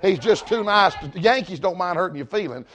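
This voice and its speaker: A man with a Southern US accent preaching a storytelling sermon, folksy and emphatic, rising to shouts. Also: sits high, animated, a little fast. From Georgia, US.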